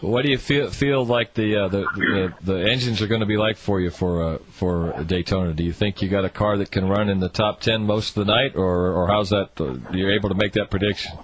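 A man's voice: fairly low pitch, fairly even intonation, brisk, few pauses, noisy background. A man hosting a talk radio show, chatty and often stumbling over his words.

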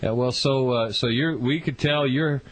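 A man's voice: mid-range voice, moderate pace. A man hosting a radio show about motorsport, talking casually and rambling with many restarts.

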